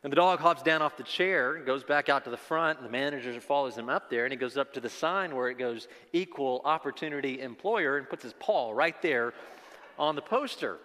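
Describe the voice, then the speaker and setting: A man's voice: mid-range voice, fairly quick, bright, forceful tone, long reverb tail. A man preaching a sermon as pastor, telling a folksy joke story with self-deprecating asides before moving into the text.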